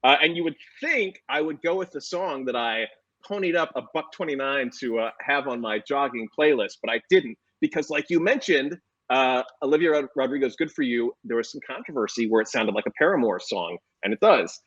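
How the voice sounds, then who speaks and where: A man's voice: mid-range voice, animated, a little fast, fairly bright tone, lo-fi sound. A man on a casual music panel, joking and self-deprecating.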